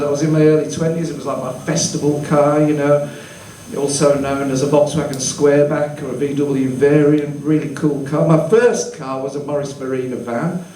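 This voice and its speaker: A man's voice: a little high, dark tone, a little hiss or hum. A man in his fifties from Birmingham, with a Birmingham accent, telling rambling, self-mocking stories in a stand-up set. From Birmingham, England. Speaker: stand-up comedian. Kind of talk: stand-up comedy. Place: small comedy venue. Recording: echoey room, distant mic, faint ambience.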